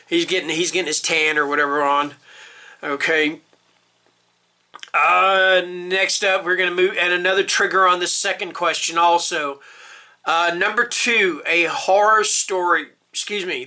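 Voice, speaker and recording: A man's voice: fairly high pitch, bright, forceful tone. A middle-aged man chatting casually about books, rambling and emphatic, often checking in with "all right?" and swearing now and then. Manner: openly emotional, swears. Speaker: book reviewer. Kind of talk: casual booktube tag video.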